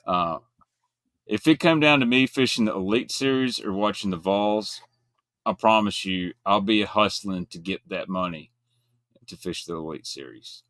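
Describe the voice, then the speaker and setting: A lowish-voiced man talks bluntly in casual, folksy chat. His delivery comes in quick bursts, and the sound is dry and close. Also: a bit bright, no echo. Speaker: guest co-host.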